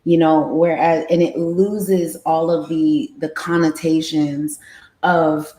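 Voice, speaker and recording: Slow, low-voiced woman host in an echoey room. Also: flat delivery, dark tone. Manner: halting, restarts while searching for words. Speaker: interview host. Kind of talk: live interview chat.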